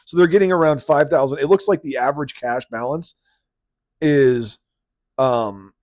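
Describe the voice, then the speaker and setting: A man's voice: a little high, moderate pace, darkish tone, no room sound. Male podcast host, dry close mic, incredulous ranting commentary. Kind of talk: casual commentary.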